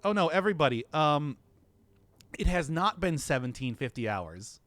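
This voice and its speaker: Lively, groggy-voiced man streaming a game. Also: on the high side, normal speed, no echo. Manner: rambling, laughs often, self-mocking. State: groggy from not talking all day. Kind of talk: casual gameplay commentary.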